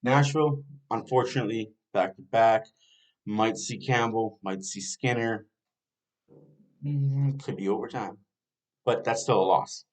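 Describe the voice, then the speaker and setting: A man's voice: medium pitch, a little slow. A man hosting a fan podcast, casually previewing a hockey team's schedule and thinking aloud as he talks.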